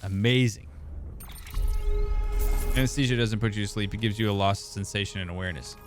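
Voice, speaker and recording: Young male streamer, low-ish voice, relaxed and chatty, calls viewers by name. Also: fairly quick, soft background music. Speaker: therapist streamer reading chat. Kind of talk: casual gaming stream chat.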